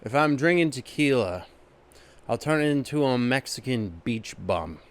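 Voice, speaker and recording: A man doing a casual, deadpan comedy monologue. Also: medium pitch, moderate pace.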